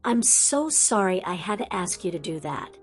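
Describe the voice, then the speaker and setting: A woman voicing an anxious, tender teenage wizard boy who speaks in a hurried, apologetic way. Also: lowish voice, sing-song, faint music behind. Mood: urgent, tender.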